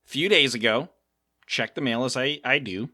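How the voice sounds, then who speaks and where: A middle-aged South African podcast co-host narrates stories animatedly and casually, acting out what the people in them said. His medium-pitched voice moves at a normal speed, recorded in studio quality with no echo.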